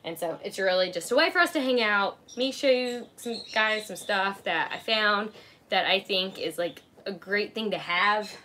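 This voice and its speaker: A woman hosts a casual live haul chat at home, showing off her purchases while rambling along with plenty of "um" and "like." Her mid-range voice moves at a moderate pace with a bright, forceful tone, and background noise is clearly audible.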